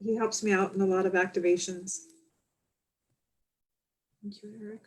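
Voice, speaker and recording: A tired woman speaks as a medium on a casual livestream. Her delivery is soft and heartfelt, halting now and then on fillers, with a voice of ordinary pitch for a woman. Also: flat delivery, rough recording. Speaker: spiritual medium hosting a livestream.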